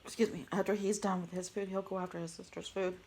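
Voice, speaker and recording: A woman's voice: lowish voice, little pitch movement, fast, darkish tone. A woman filming a casual eating vlog while tipsy, swearing often and sounding frustrated and glum. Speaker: vlogger.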